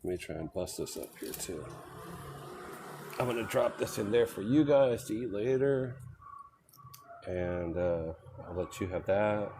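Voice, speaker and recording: Walking between a small shop and the street outside, a man chats casually on a live stream, addressing viewers and the animals he encounters and laughing a lot. He speaks in a fairly low, expressive voice, a little slowly with long pauses, over background noise.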